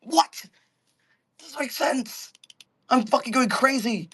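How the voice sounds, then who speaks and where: A man's voice: high-pitched, expressive, takes it slowly, pauses often, a bit bright, slightly rough. A man streaming live, talking into a phone microphone from a step away in his room at home, rambling in exasperated, baffled bursts and swearing. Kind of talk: casual live audio chat.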